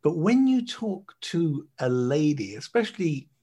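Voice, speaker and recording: An Irish man chatting on a podcast, animated and laughing, mimicking other people's voices, a little out of breath. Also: a little high, measured pace, slightly rough. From Ireland. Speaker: guest. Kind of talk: casual podcast chat.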